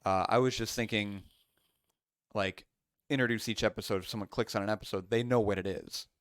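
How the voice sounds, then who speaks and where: A man's voice: on the low side, steady tone, a little fast, a bit bright, clear, resonant tone, no room sound, clean studio sound. A man co-hosting a casual podcast, rambling through his thoughts with lots of fillers and restarts. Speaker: podcast co-host.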